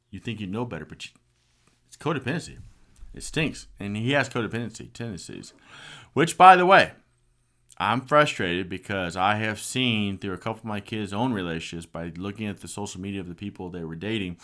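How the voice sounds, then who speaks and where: A man's voice: low-pitched, a little fast, fairly bright tone. A middle-aged man giving an earnest, passionate personal testimony. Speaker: speaker sharing a personal story.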